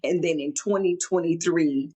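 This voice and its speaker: A woman's voice: fairly low pitch, normal speed, mellow, husky. A woman hosting a podcast interview, a supportive and encouraging listener. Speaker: podcast host. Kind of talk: interview conversation.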